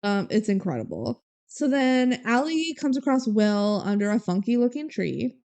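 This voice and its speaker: A woman's voice: fairly high pitch, sing-song, moderate pace, a little mellow. A young woman co-hosting a podcast, casually recapping a movie with frequent laughter. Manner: bubbly, laughs often, quotes characters. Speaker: podcast co-host.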